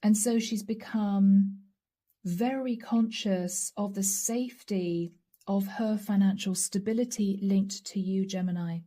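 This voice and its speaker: Woman, tarot reader, warm mellow tone, intimate, repetitive, talks straight to the listener, occasional soft whispers. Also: mid-range voice, fairly even intonation, a little slow. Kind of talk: channeled tarot reading.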